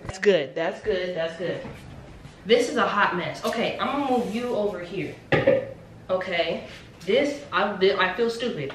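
A young woman vlogging casually while she cooks at home, chatty and self-mocking, with dramatic asides. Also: medium pitch. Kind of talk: casual cooking vlog chat. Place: home kitchen. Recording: echoey kitchen with noise.

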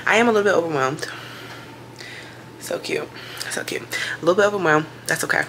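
A woman's voice: fairly low pitch, fairly quick, gravelly. A young pregnant woman chatting casually to camera as a vlogger, hyping herself up and swearing now and then. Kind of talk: casual vlog chat to camera. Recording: noisy background.

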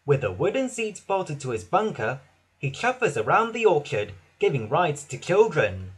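Man, children's storybook narrator, high bright voice, sweeping sing-song delivery. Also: moderate pace, husky. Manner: expressive, sing-song reading.

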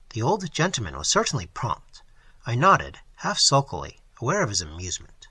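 A man reads a novel aloud with expressive, lively storytelling. His husky, bright voice swings widely in pitch. The recording is close and dry, with no room sound. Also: moderate pace, no echo. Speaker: audiobook reader. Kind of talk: scripted narration of a novel.

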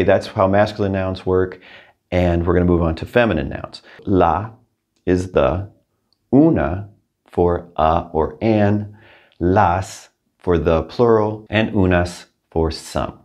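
A man with a low voice gives a recorded lesson. He is patient and encouraging, and he slows down to repeat each word for the learner. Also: a little mellow. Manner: patient, encouraging, repeats words slowly for practice. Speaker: Spanish teacher.

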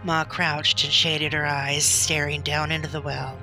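A woman reading a classic children's novel aloud in a gentle, deliberate storytelling manner. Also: low voice, little pitch movement, faint music behind. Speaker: storybook reader.

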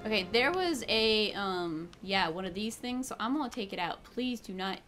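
A woman host giving casual, excitable let's play commentary, chatty and swearing freely. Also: mid-range voice, moderate pace, soft background music. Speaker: gaming video host.

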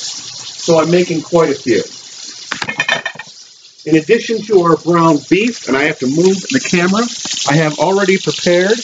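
A man hosting a casual cooking demonstration in a home kitchen, chatty and explaining each step. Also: sits high. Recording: lo-fi with running water noise.

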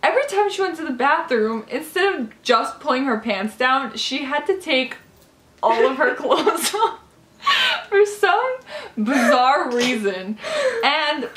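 A woman's voice: sits high, animated, a little slow, a bit bright, roomy sound, slight background noise. A teenage girl at home joining her friend's story, laughing often as she cuts in. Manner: laughing, chiming in. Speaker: co-host friend. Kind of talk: casual storytelling. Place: home room.

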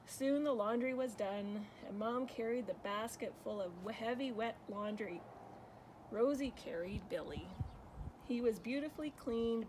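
A woman reading a picture book aloud for children, pausing to ask her listeners questions. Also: fairly high pitch, a little mellow, a little hiss or hum, low-quality recording.

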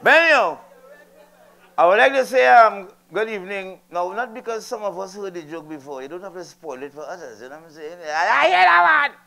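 A man's voice: high voice, expressive, fairly quick, sharp tone. An older man with a Trinidadian accent performing a stand-up comedy routine, chatty and teasing the audience. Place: live comedy venue.

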